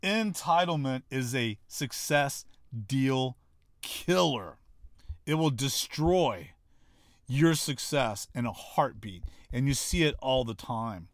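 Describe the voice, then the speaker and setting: A man's voice: medium pitch, expressive, slow, dry recording, studio quality. A man giving a blunt motivational talk, brash and profane, mocking people and hammering his points. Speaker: motivational speaker.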